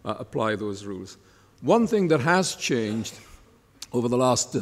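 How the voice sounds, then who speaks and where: An older man, a tax expert on a panel, explaining at length in a measured way and often checking in with a quick "yes?" or "yeah?". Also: medium pitch, a little mellow. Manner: ends points with tag questions like "yes?". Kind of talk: panel discussion talk. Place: conference hall. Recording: long reverb in a large hall.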